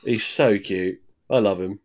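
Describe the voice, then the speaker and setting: Low-voiced man chatting about a film. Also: a little slow. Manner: chatty, swears casually, acts out lines from scenes. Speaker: podcast co-host. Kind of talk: casual film review chat.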